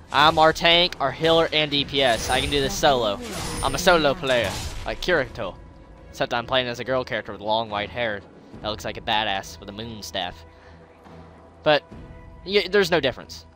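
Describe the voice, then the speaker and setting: A young man giving casual, excitable commentary over his own gameplay, rambling and swearing as the game turns. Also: fairly high pitch.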